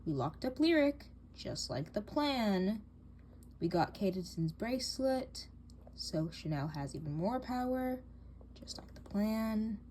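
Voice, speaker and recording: A woman's voice: mid-range voice, very animated, slow pace, warm tone, slight background noise. Woman voicing a cold, taunting scheming girl. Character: bossy scheming teen girl in doll drama. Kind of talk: doll drama voice acting.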